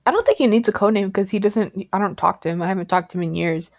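A woman's voice: mid-range voice, fast talker, vocal fry, darkish tone. A young woman co-hosting a podcast, telling a story in casual chat and laughing often. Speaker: podcast co-host.

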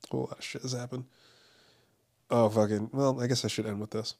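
A man's voice: mid-range voice, steady tone, moderate pace, a little mellow. A young man from Los Angeles talking in a rambling, casual monologue, full of profanity, fillers and restarts.

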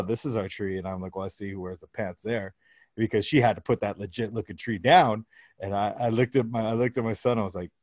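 A man's voice: fairly low pitch, a little mellow, dry recording, clean studio sound. A man, likely in his thirties, telling a rambling, profane story about his kids in casual chat. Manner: rambling, profane anecdote-telling with quoted dialogue.

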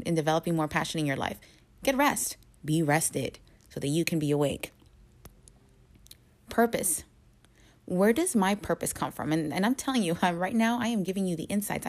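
A woman giving a motivational talk, earnest and emphatic, pausing for effect and sometimes dropping to a hushed whisper. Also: fairly low pitch. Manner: earnest, emphatic, deliberate with dramatic pauses, drops to hushed whispers. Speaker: motivational speaker.

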